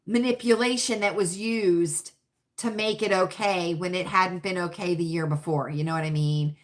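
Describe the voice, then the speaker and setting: This is a woman hosting a relaxed livestream, chatting with viewers and answering their comments. She talks at an unhurried pace, repeating her points with emphasis and strong opinions. Her pitch sits in an ordinary middle range. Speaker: livestream host. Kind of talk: casual livestream chat, reading viewer comments.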